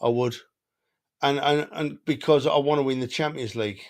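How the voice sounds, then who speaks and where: Brief: male co-host, mid-pitch, emotional and animated, repeats himself in casual football banter. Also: moderate pace. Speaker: podcast co-host.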